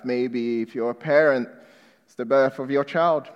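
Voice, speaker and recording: Guy preaching a sermon, slow and deliberate, asks the crowd questions, echoey big hall. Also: medium pitch, fairly even intonation, clear, resonant tone. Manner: emphatic, quizzing the congregation with questions; drops to a hushed, reflective tone for appeals. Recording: long reverb of a large hall.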